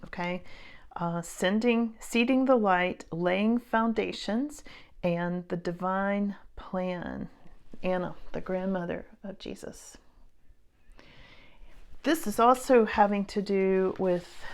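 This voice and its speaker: A woman giving a casual tarot reading to camera, earnest and halting, with many fillers and frequent drops into hushed whispers. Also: mid-range voice, clear, resonant tone. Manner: emotional, speaks of feeling things strongly. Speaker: psychic tarot reader.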